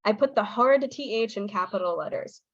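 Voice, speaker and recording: A woman presenting a pronunciation lesson online, explaining sounds clearly and acting out her students' replies. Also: mid-range voice, moderate pace, no echo, dull audio. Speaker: teacher trainer. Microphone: video call.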